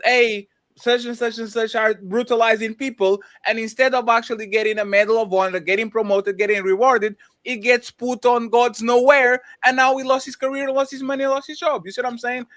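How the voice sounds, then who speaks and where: A man with a fairly high voice talks loosely on a podcast. He rambles through his points and keeps checking in with his listeners. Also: fairly even intonation, moderate pace, a bit bright. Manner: rambling, questioning, repeats "you see what I'm saying". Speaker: podcast co-host. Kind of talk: casual debate chat.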